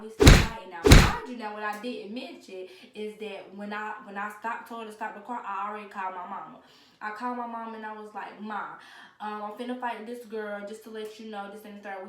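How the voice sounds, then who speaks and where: A young woman, casually telling a story and loudly acting out the people she quotes. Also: medium pitch, far from the mic. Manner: animated, acts out quoted voices loudly. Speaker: vlogger. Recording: echoey room, away from the mic, faint noise.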